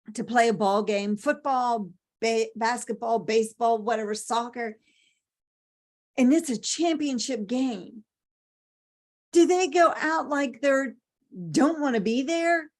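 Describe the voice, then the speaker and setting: Her voice sits on the high side with a slightly mellow quality. This middle-aged woman gives a motivational talk, pressing her points emphatically through repeated phrases and rhetorical questions.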